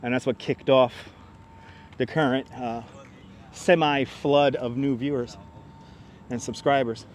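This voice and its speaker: A man's voice: mid-range voice, fairly even intonation, unhurried, long pauses, slight background noise. A man hosting a casual live stream while walking outdoors in an urban park, chatty and teasing, greeting viewers as he goes.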